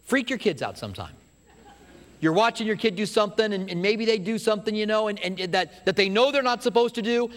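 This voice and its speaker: A man preaching a sermon, retelling a story with animated asides and acting out what people say. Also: high-pitched, quick pace, long reverb tail. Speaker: pastor.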